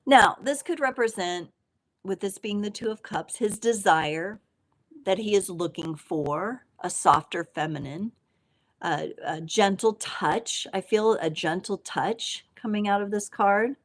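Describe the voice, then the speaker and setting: A woman's voice: medium pitch, unhurried. A woman hosting a live tarot stream, chatting playfully with lots of fillers and easy laughs. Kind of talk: casual live tarot reading.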